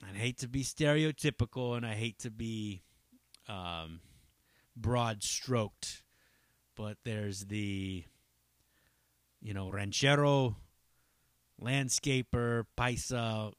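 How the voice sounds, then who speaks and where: A man's voice: on the low side, slow pace, long pauses, clear, resonant tone, no echo, clean studio sound. A man hosting his own podcast in a loose, rambling chat, swearing freely and drifting between asides. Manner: rambling and profane, full of fillers and asides. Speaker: podcast host. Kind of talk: casual chat.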